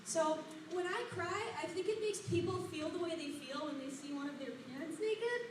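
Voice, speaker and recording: A woman with a high voice delivers dry, wordy deadpan stand-up with a nervous edge. Her voice is heard from a distance in a very echoey room, with noise underneath. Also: normal speed. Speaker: stand-up comedian. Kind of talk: stand-up comedy set. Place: open mic comedy room. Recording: echoey room from far off, noisy.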